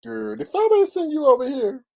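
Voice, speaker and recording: A man with runs a casual livestream, throwing out sassy asides to his viewers. His voice sits dark and mellow, but his pitch jumps all over the place, up to high shrieks and laughs. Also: very animated, normal speed, gravelly, slight background noise. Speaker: livestream host.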